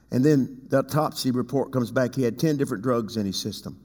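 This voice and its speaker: A man preaching a sermon as pastor. He swings from loud, high passages to quiet low asides and calls on people in the congregation by name. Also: fast, few pauses. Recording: long hall reverb.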